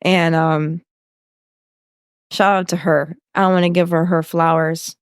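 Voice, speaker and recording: A woman's voice: lowish voice, level tone, smooth, dry recording, clean studio sound. A woman from New York talking loosely as a podcast guest, full of fillers and tangents. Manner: slow, loose and talkative, with fillers. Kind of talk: casual interview chat.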